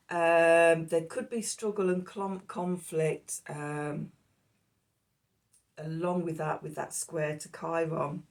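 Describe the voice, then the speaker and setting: A woman with a low, unhurried voice talks through the day's astrology and tarot, losing her thread often and filling gaps with ums. A cough keeps catching her, and she sits a little back from the microphone. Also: steady tone, far from the mic. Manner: rambling, self-interrupting, with fillers. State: coughing, hoarse. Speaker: tarot reader. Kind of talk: casual astrology and tarot talk.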